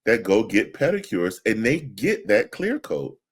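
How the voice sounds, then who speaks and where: A man's voice: on the low side, sing-song, measured pace, slightly rough. A man co-hosting a podcast, asking questions and chatting casually with frequent restarts. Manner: conversational, asks questions, hesitant restarts. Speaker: podcast co-host. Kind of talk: casual chat.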